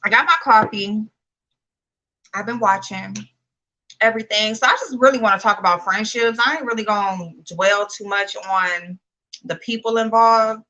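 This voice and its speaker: A young woman talks loosely and informally to her livestream viewers as she sits down to do her makeup. She calls out commenters by name and admits she is a bit nervous. Her voice is bright and forward. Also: medium pitch, normal speed, muffled recording. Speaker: beauty YouTuber hosting a livestream. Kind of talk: casual livestream chat.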